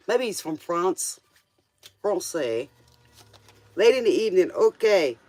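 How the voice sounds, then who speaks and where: High-voiced man reading tarot cards. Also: a little mellow. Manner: chatty and playful, with joking asides. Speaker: tarot reader.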